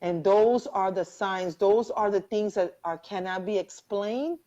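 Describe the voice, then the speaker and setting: A middle-aged woman hosting a live video interview, telling a personal story in animated, rushing bursts and earnestly encouraging her guest. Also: mid-range voice. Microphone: webcam or phone on a video call. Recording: dull lo-fi livestream audio.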